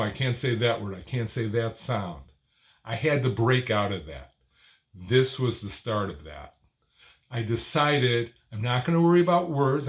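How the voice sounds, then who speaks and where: An older man teaching speech technique, talking in short, deliberate phrases with a stressed word near the end of each one. His delivery is expressive and almost sing-song. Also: medium pitch. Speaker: speaking coach. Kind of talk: instructional talk to camera.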